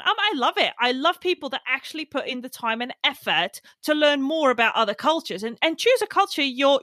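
Brief: podcast host, woman, high bright voice, earnest, dry close sound. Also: no echo. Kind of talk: casual chat.

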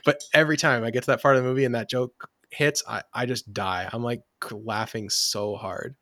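A man hosting a casual podcast chat who talks in an animated way, laughing often and using many fillers. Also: medium pitch, fairly quick, hardly any pauses, dry recording. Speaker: podcast host.

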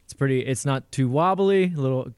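A man's voice: medium pitch, fairly quick, a little mellow, clear, resonant tone, dry recording, studio quality. A man co-hosting a casual sports podcast, wry and hesitant, with frequent restarts. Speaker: podcast co-host.

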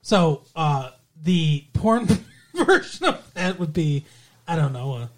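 A man's voice: fairly high pitch, sing-song, slow pace. A man co-hosting a podcast in casual chat, joking crudely and laughing at his own jokes. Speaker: podcast co-host.

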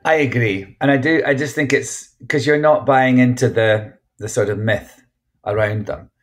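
A mid-range voice at normal speed belongs to this Scottish actor and memoir author. He's a guest in a casual interview, telling stories candidly and chattily while often backing up to restart.

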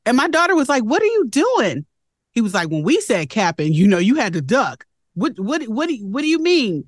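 Woman in her 40s hosting, lively voice that moves a lot, quick and expressive. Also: on the high side, dry recording, studio quality. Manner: expressive, quick, acts out family quotes. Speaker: interview host. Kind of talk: casual interview chat.

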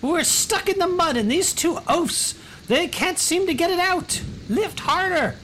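A man putting on a shrill, bossy noblewoman. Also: animated, measured pace, noisy background. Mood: scolding. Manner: shrill, imperious shouting in falsetto.

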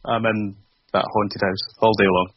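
A man's voice: fairly low pitch, little pitch movement, normal speed, dry recording. A man who is a guest on a football podcast, good-humoured and chuckling, with hesitant fillers. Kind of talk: casual podcast chat. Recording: dull lo-fi remote audio with faint noise.

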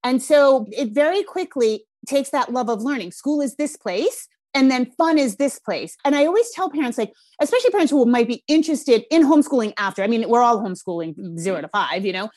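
Casting: Rhode Island woman podcast host, higher voice, energetic, dry close mic. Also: brisk, few pauses, no echo. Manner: energetic, swears casually. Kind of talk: casual podcast conversation.

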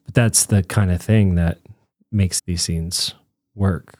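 A man co-hosting a podcast, explaining film scenes in a thoughtful, measured way. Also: deep voice, fairly even intonation, a little mellow, no echo, studio quality. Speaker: podcast co-host. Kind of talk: casual film discussion.

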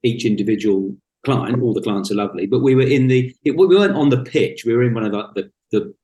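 A man's voice: mid-range voice, dark tone. A man talking as a podcast guest, often stalling and repeating his first words before he gets going. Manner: halting, repeats words at the start of sentences. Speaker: guest, author and speaker. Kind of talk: casual podcast conversation. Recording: roomy, echoey sound.

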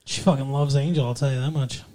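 A man's voice: medium pitch, steady tone, fast, warm tone. A young man co-hosting a casual show, joking and swearing freely as he chats. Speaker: podcast co-host. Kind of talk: casual chat.

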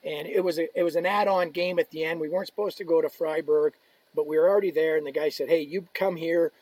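A man telling a story on a podcast as a guest, animated, swearing often and acting out what people said. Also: on the high side, fast talker, no room sound, poor audio. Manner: animated, swearing, acts out quotes. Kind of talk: casual storytelling.

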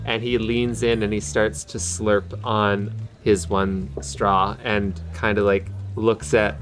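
A man playing a tabletop game, describing his character's actions in a relaxed way. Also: fairly low pitch, slow, faint music behind. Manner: relaxed, laughing. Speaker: player. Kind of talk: casual tabletop play.

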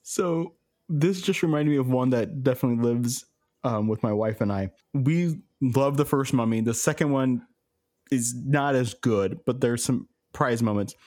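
A man co-hosting a podcast, telling stories in a relaxed way and laughing often. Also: medium pitch, normal speed. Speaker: podcast co-host. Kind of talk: casual chat.

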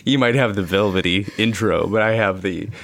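A man's voice: lowish voice, normal speed, a bit bright, no room sound. A man co-hosting a podcast, a therapist reflecting earnestly on his work with some playful teasing. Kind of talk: casual chat.

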